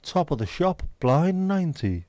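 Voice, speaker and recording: A man putting on the voice of a male bingo caller, calling numbers slowly in a sing-song way. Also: on the high side, very animated, warm tone, no room sound, pitched above the performer's own voice. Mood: showy.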